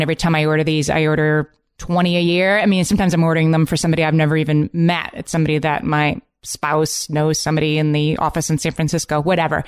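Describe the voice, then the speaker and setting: A woman co-hosting a podcast, chatty and upbeat as she shares everyday tips with enthusiasm. Her voice is fairly low. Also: clean tone. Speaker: podcast co-host. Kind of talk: casual chat.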